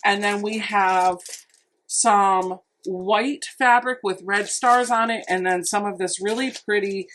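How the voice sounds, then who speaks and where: A woman's voice: mid-range voice, fairly even intonation, slow pace, a bit bright, a little hiss or hum. A woman quilting vlogger giving a chatty, enthusiastic unboxing walkthrough, thinking aloud as she goes. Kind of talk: casual unboxing narration.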